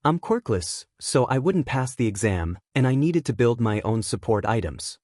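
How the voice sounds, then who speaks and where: A man reading a fan story, voicing a tired, determined teenage boy who talks softly and hesitantly. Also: mid-range voice, very animated, normal speed, no room sound, studio quality. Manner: soft, hesitant, mumbling.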